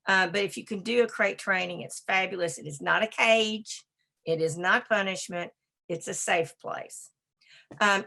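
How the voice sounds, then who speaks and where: Woman lecturer, brisk and emphatic, gravelly voice, bright forceful tone, conversational. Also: lowish voice. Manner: talks to a slide assistant. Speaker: dog behavior speaker. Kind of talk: presentation lecture.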